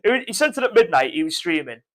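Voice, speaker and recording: A man's voice: high-pitched, sing-song. A young man, co-hosting a podcast in casual, sweary chat. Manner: sweary, quick back-and-forth. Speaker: podcast co-host.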